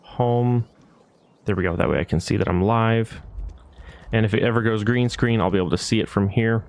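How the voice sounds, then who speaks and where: A man's voice: lowish voice, moderate pace, a little mellow. A man casually talking to himself while streaming a building game, muttering over his plans and grumbling about things going wrong. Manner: muttering to himself while planning, annoyed at bugs. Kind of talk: casual gameplay commentary.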